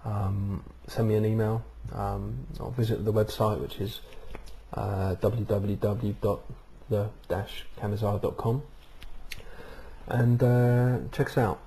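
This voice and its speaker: Male vlog host, low and steady monotone, rambling, casual, webcam-miked. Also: slow, vocal fry, a little hiss or hum. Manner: rambling, many ums and uhs. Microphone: webcam microphone.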